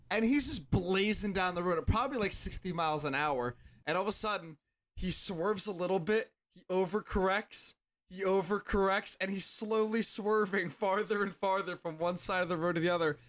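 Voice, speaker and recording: A man with a slightly high voice co-hosts a casual podcast. He tells his stories loosely, with lots of restarts along the way. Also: fairly bright tone. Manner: rambling storyteller with restarts. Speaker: podcast co-host. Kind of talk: casual chat.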